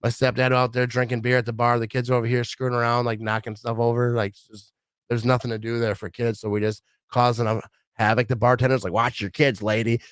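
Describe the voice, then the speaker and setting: A man's voice: mid-range voice, fast, clean tone, no echo, studio quality. A middle-aged man from Wisconsin rambling casually in a vlog, acting out what others said. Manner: rambling, animated, acts out quoted voices. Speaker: vlogger.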